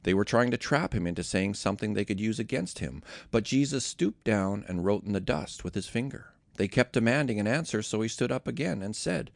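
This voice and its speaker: A man reading scripture aloud in a steady, measured narration. His voice is gravelly, with a lively rise and fall, and the recording is close and dry. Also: fairly low pitch, dry recording. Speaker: scripture reader.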